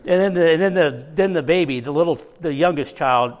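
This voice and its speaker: A man's voice: a little high, brisk. A man preaching a conversational sermon as pastor, with joking asides to the congregation.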